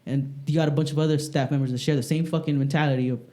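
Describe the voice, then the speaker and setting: A man chatting casually on a podcast, telling animated, profanity-laced stories about greeting kids at the school where he works. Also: a little high, racing. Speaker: podcast co-host; school staff working with kids. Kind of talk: casual chat.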